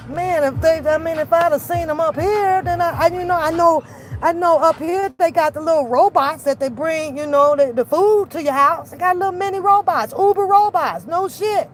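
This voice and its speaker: Woman vlogger, high pitched, brash and profane, laughing storyteller, faint vehicle noise. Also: normal speed. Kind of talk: casual chat.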